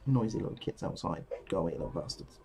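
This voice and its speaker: A miniature painting hobbyist with a low, gravelly voice gives a very animated, fast running commentary while crafting at his desk. He rambles, jokes, and swears and mutters under his breath to himself, with a noisy background behind him.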